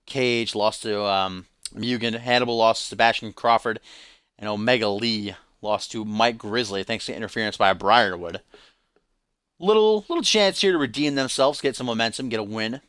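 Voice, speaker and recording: Bright, crisp-voiced man calling a wrestling game. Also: on the low side, fairly even intonation, moderate pace, no room sound, clean studio sound. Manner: joking, teasing chat asides. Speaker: stream host and commentator. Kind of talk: live play-by-play of a wrestling video game.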